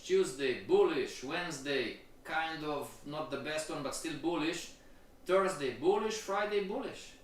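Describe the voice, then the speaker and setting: A man gives a live-stream trading lecture, repeating points slowly and checking in with his listeners. His slightly high voice sounds distant in a very echoey room. Faint noise sits behind him. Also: a bit bright. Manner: keeps checking in with the audience; slow, repetitive delivery. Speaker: trading instructor.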